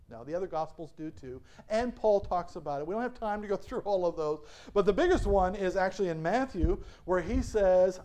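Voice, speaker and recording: Man, pastor, high-pitched, lively questioning sermon delivery with frequent laughs. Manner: asks the congregation questions and lets them answer. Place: church sanctuary.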